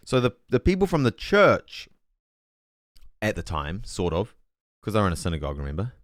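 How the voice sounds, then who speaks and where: A man's voice: medium pitch, moderate pace, long pauses, a bit bright, dry recording, clean studio sound. A man streaming a casual Bible talk, thinking aloud and correcting himself as he goes, and reading chat messages aloud with puzzled asides.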